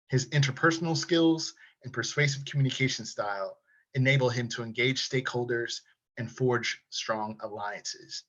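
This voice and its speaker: A man's voice: medium pitch, a bit bright. Sex: man. Role: host. Sound: dull lo-fi. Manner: reads a formal introduction, then chats casually. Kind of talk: interview hosting.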